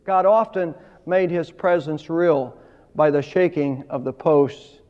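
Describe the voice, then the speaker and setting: A man's voice: a little high, takes it slowly. A man preaching a sermon emphatically, his voice swelling and dropping in volume. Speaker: pastor. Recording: dull lo-fi sound with long hall reverb.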